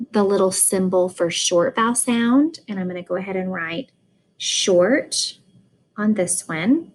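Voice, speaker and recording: Slow, deliberate woman teaching phonics. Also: medium pitch, a little hiss or hum, low-quality recording. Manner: slow, deliberate, sounds out vowels. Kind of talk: phonics lesson.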